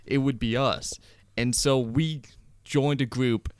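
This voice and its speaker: A man's voice: mid-range voice, steady tone, slow pace, smooth, dry recording, studio quality. A young man, laid-back and swearing as he recounts a gaming night in a casual chat. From Canada. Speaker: podcast co-host.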